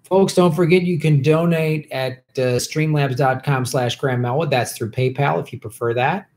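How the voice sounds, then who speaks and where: A man's voice: mid-range voice, moderate pace, darkish tone. A man hosting a casual live stream, reading viewer questions and answering in an opinionated, heated way with many restarts.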